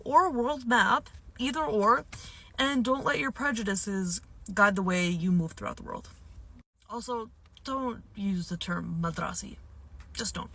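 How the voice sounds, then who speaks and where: A woman's voice: mid-range voice, fairly bright tone. A young woman from India speaking straight to her viewers, earnest and lecturing. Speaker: vlogger. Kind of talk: direct-to-camera commentary.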